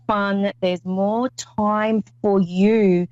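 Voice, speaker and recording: A woman's voice: medium pitch, fairly even intonation, extremely slow, darkish tone, smooth, no room sound, lo-fi sound. A woman hosting a call-in psychic reading show, talking in an effusive, rambling way with many restarts. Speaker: psychic medium host.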